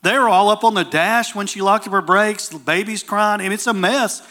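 A man's voice: sits high, brisk, pushed and bright. A man acting out an earnest young man from a recovery program who insists on his side of things, speaking in a Southern sermon story. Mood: insistent.

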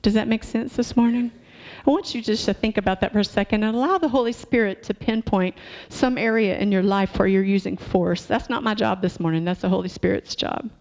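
A woman's voice: mid-range voice, brisk, few pauses, darkish tone. Conversational woman preacher. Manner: conversational, asks the congregation questions. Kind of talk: sermon. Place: church.

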